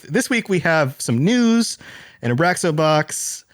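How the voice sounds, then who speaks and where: A man's voice: on the high side, sing-song, slow pace, dry recording, studio quality. Playful, giggly podcast host man. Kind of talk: casual chat.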